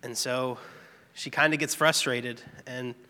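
A man's voice: medium pitch, fairly even intonation, unhurried, sharp tone, clean tone. A man giving an earnest, candid devotional testimony, telling a personal story about his work. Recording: long reverb, echoey hall.

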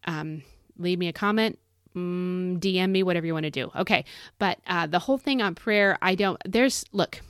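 A woman's voice: fairly low pitch, moderate pace, fairly bright tone, clear, resonant tone, no room sound, clean studio sound. A middle-aged woman hosting a devotional podcast, preaching in a fervent, folksy, exhorting way. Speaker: podcast host.

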